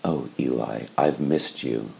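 Heartbroken, pleading mother in an audiobook scene, read by a deep, gravelly man. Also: takes it slowly, a little mellow, a little hiss or hum, full character voice. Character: fragile, pleading grieving mother.

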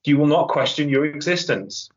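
A man's voice: on the high side, expressive, normal speed. A man hosting a casual wrestling podcast, chatty and wry with rambling asides. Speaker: podcast host. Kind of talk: casual chat. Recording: dull lo-fi podcast audio.

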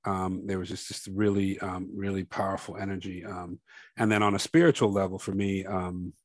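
A man who is a documentary filmmaker, speaking reflectively in an interview, with many pauses, fillers and restarts. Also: little pitch movement, no echo. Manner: grows softer and lower toward the end. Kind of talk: interview conversation.

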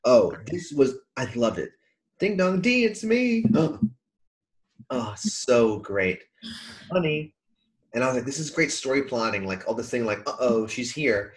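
A man co-hosting a laid-back podcast over a video call. He talks in an animated way and keeps breaking into little voices to quote what he heard. His voice sits at a middle pitch. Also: normal speed, poor audio. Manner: animated, acts out quoted lines. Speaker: podcast co-host. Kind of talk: casual chat.

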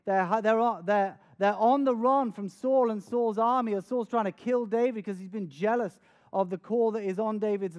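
High-voiced man preaching a sermon. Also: darkish tone. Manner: earnest, repeats words when stressing a point; dramatic, acts out scenes with raised voice.

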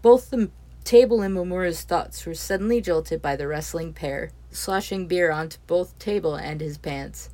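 A woman reading a story aloud as its narrator, steady and expressive. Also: lowish voice, moderate pace. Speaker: audiobook narrator.

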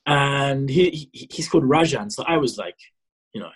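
A man from South Africa in his thirties, telling a personal story as a podcast guest, animated and full of fillers. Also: mid-range voice, moderate pace, breathy edge, low-quality recording. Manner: animated, acts out his own past dialogue, many fillers and restarts. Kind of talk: casual storytelling.

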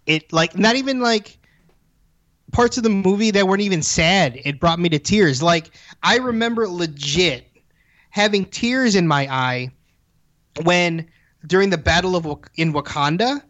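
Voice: medium pitch, lively intonation, measured pace, fairly bright tone, muffled recording. A speaker in casual chat, rambling with many restarts and swearing freely while animatedly retelling scenes.

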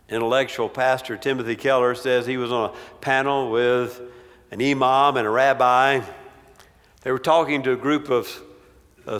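A man preaching a sermon as pastor, emphatic, with dramatic pauses and a voice that drops low at the ends of phrases. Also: a bit bright. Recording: long reverb in a large hall.

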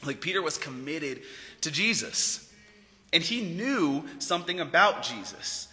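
A man preaching with a sharp, bright, ringing voice, pitched a little above the usual male range. His delivery is casual and animated, with a joking streak. A long hall reverb trails behind every phrase. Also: a little slow. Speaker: pastor. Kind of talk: sermon.

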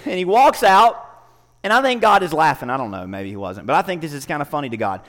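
High-voiced preacher in a reverberant hall. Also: male voice, big pitch swings, fast, a bit bright. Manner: conversational storytelling, acts out dialogue. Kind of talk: sermon.

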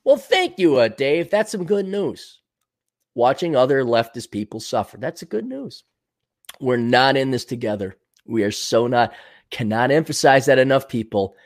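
Podcast guy ranting about the news, sarcastic and sweary, mid pitch. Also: sing-song, moderate pace. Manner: sarcastic, combative and profane; mocking, laughs at his own jokes. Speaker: podcast host.

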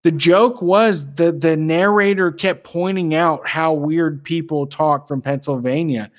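A man's voice: on the high side, steady tone, a little slow. A man co-hosting a podcast, ranting in casual chat, swearing often and laughing. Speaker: podcast co-host.

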